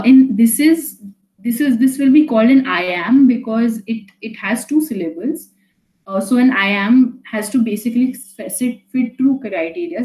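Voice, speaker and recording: A young woman gives an online class in a mellow, warm voice. She talks haltingly, full of fillers, and slips into Hindi phrases now and then. The sound carries an echo from the room. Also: on the high side. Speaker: teacher.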